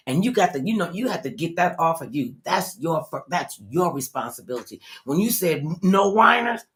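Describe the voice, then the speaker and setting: An older woman hosting an interview show, chatting in a lively, animated way and telling stories. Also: low-pitched, brisk. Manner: animated, storytelling, acts out other people's voices. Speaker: talk show host.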